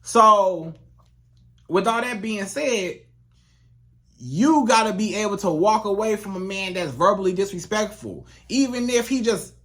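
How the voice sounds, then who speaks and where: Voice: medium pitch, measured pace, fairly bright tone. Emphatic dating coach talking to viewers. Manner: emphatic, repetitive, talks straight to the viewer. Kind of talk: casual advice monologue to camera.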